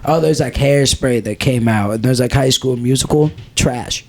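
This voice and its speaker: A man's voice: mid-range voice, moderate pace, a little mellow. A young man co-hosting a podcast, talking bluntly and jokingly, swearing often. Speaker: podcast co-host. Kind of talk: casual chat.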